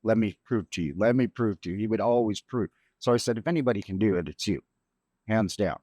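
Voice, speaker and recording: A middle-aged man, a grieving father, telling a personal story on a podcast in a halting, reflective way with many restarts. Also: fairly low pitch, darkish tone, no room sound. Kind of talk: emotional storytelling.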